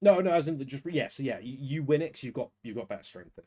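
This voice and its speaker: A man's voice: mid-range voice, expressive, fast talker, warm tone. A man narrating as game master, chuckling often and stumbling into restarts. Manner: rambling, chuckling, many restarts.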